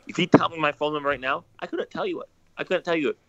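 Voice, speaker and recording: A man's voice: a little high, fast talker, fairly bright tone, no room sound, dull audio. A man hosting a casual livestream chat, cursing a lot and repeating himself as he rambles. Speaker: podcast host.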